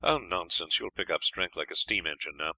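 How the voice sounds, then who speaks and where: An audiobook narrator voicing a cheerful, plucky young lad who talks in a hearty, encouraging way. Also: male voice, sits low, brisk, bright, forceful tone, dry recording, exaggerated voice, rough recording.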